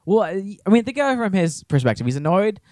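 Speaking quickly in a high voice, this young man co-hosts a podcast and spins a story in relaxed conversation, performing each character in it. The recording is clean studio sound with no room ambience.

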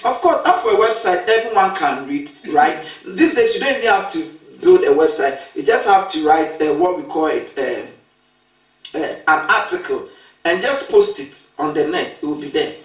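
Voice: medium pitch, big pitch swings, normal speed. A preacher giving an emphatic talk, asking questions and repeating key phrases, recorded from a distance in a roomy space. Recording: roomy sound from a distant mic.

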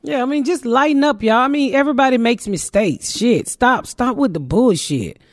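A middle-aged woman hosting a podcast, loud and profane, telling stories in casual chat. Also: fairly high pitch, moderate pace, dry recording, studio quality. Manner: loud, profane, animated storytelling. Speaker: podcast host.

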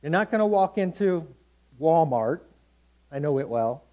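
A man's voice: fairly high pitch, animated, unhurried, muffled recording. A middle-aged man preaching a sermon in a conversational, storytelling way, acting out quotes from everyday people.

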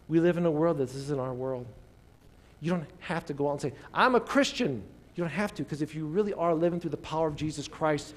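Leading a church service, a slightly high-voiced American man delivers his sermon as pastor. He alternates raised, forceful phrases with hushed near-whispers and gets the congregation to echo his words.

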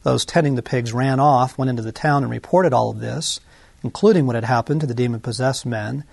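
A male pastor giving a sermon in a conversational way, full of asides and tag questions, slowing down for emphasis and then speeding up. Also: medium pitch, creaky, darkish tone, dry recording. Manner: shifts between slow emphasis and quick runs.

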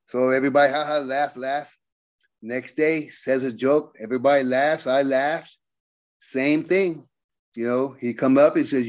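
An older man, a guest on a podcast, telling wrestling road stories in casual, animated talk, acting out the quotes. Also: medium pitch, moderate pace. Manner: animated storyteller, acts out quotes. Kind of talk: casual storytelling.

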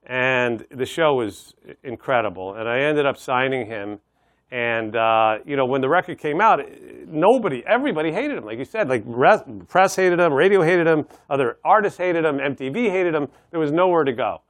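A middle-aged man, a record executive, telling animated stories as a guest in an interview. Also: medium pitch, moderate pace, no room sound. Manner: animated storyteller, acts out voices in anecdotes. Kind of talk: interview storytelling.

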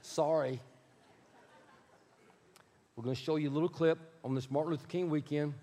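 A man's voice: on the high side, steady tone, moderate pace, warm tone, in a large hall, a little hiss or hum. A male pastor preaching a sermon in a conversational way, with asides to the congregation.

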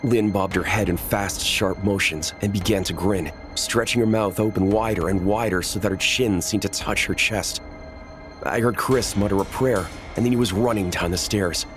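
A man narrating a first-person horror story in a measured, tense storytelling manner. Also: fairly low pitch, fairly bright tone, faint music behind.

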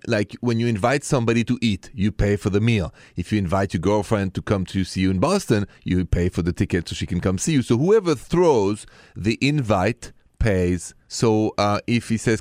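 A middle-aged man speaks with a French accent, lightly playful and quick to laugh as he gives relationship advice to callers. His voice sits fairly low. The sound is dry and close. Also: animated, a little mellow, no room sound. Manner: playful, laughs often, mixes in French greetings. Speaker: radio advice show host. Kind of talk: call-in advice chat.

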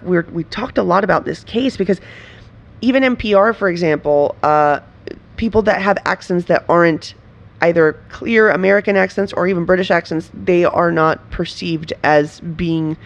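A woman's voice: lowish voice, dull audio. A woman from Venezuela, a comedian guest in casual interview chat, talking animatedly with laughs and frequent restarts.

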